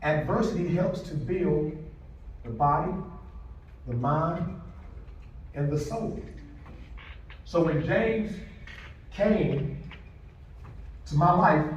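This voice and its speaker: A man's voice: a little high, slow pace, long pauses, highs cut off, a little hiss or hum. A man giving an inspirational speech, telling a personal story and acting out the voices of the people in it. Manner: animated storyteller who acts out quoted voices. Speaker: motivational speaker. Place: large indoor hall. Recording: echoey hall from far off.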